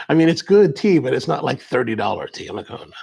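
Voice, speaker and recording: A man's voice: mid-range voice, very animated, moderate pace, creaky, darkish tone, slightly rough. A man hosting a coffee livestream, chatting casually and reading out viewer comments in a rambling, chatty way. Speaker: coffee show host.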